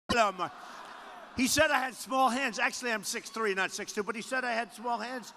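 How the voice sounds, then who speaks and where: A man giving a campaign rally speech as a political candidate, repetitive and boastful, with sudden shouted bursts. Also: very high voice, a little fast, slight background noise. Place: large rally venue. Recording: long arena reverb with faint crowd.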